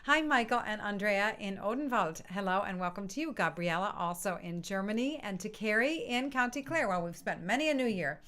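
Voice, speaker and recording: Speaking briskly with few pauses, this woman sounds animated and a bit bright at a medium pitch. She chats casually while welcoming each participant to her online music session, laughing frequently, all captured through a computer mic on a video stream.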